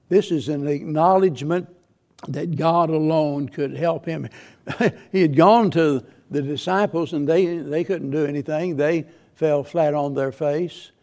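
A man's voice: on the high side, dark tone. A man preaching a church sermon with earnest, repetitive phrasing and frequent restarts. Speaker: pastor.

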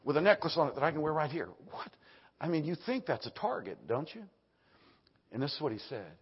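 An older man preaching a sermon, hoarse from singing, swinging from loud emphatic bursts to hushed storytelling. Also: medium pitch, big pitch swings, quick pace, lo-fi sound. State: hoarse, voice nearly gone. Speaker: Baptist preacher.

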